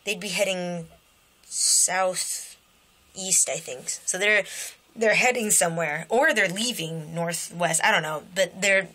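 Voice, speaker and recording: A young woman vlogger retelling a dream to her camera, in a casual, animated way, with quoted lines jumping up in pitch. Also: slow pace. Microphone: camera mic.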